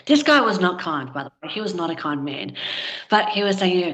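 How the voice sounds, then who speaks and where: Woman guest, lower register, candid storyteller, muffled lo-fi recording. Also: expressive, a little fast, a bit bright. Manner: candid, frank, with filler words. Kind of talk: personal storytelling in conversation. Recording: dull, lo-fi sound.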